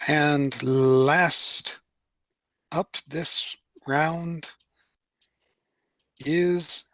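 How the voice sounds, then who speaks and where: A game master running a tabletop role-playing game, speaking slowly and haltingly with many fillers. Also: mid-range voice, fairly even intonation, fairly bright tone, dry recording.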